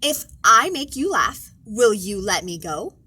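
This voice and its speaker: A woman's voice: medium pitch, sing-song, unhurried, sharp tone, husky, pitched below the performer's own voice, exaggerated voice. Brief: earnest young storybook prince, pleading, read by a woman. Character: Ernest, young prince who wants to be a jester, earnest.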